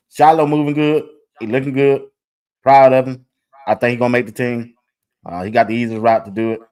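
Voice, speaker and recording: A man hosting a sports talk show, chatting excitedly. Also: lowish voice. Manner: excited, chatty, talks to viewers directly. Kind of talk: casual commentary over video clips.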